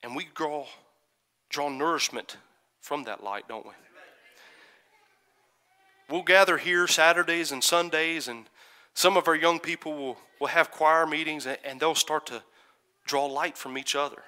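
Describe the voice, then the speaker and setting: A man preaching a sermon, moving from quiet storytelling to loud, fervent calls and asking the congregation for an "Amen". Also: on the high side, unhurried, pauses often. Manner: builds from soft musing to shouted fervor, calls "Amen?".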